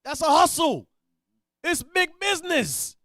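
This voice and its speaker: A man with a very high voice teaches from scripture in a blunt, street-style way. He drops to quiet asides, then rises to loud declarations. The sound is dry and close, with no room echo. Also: sing-song, unhurried. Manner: blunt, preachy, swings from mutters to shouts. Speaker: teacher leading a Bible reading.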